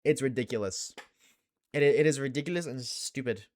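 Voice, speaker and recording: A young man streaming a game and chatting casually with his audience, slangy and joking, talking in quick bursts. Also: medium pitch, dry recording, studio quality.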